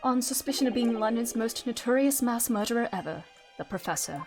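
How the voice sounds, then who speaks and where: A woman reading the lines of a young male noble who recounts a grim past in a low, subdued voice. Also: lively intonation, fairly quick, over music. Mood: somber. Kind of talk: reading game dialogue aloud.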